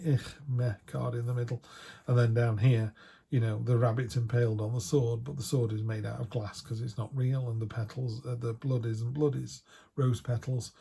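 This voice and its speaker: A man's voice: mid-range voice, gravelly, mellow, slightly rough. A man giving a casual tarot reading, chatty and full of restarts. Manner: chatty, quotes imagined voices, frequent restarts. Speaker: tarot reader.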